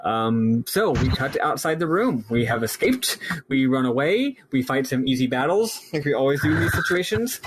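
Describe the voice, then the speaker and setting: A man's voice: mid-range voice, expressive, noisy background. A man hosting a podcast, casually recapping a story game in a rambling way. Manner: rambling, lots of fillers and quick paraphrased quotes. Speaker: podcast host.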